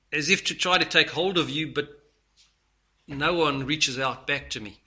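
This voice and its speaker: A man preaching a sermon, earnest, moving between loud stresses and hushed lines. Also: on the high side, moderate pace.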